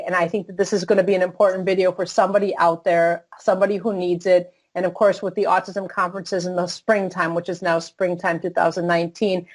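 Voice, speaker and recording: A woman's voice: lowish voice, a little mellow. A woman interviewer thanking her guest at length, effusive and rambling. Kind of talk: casual interview.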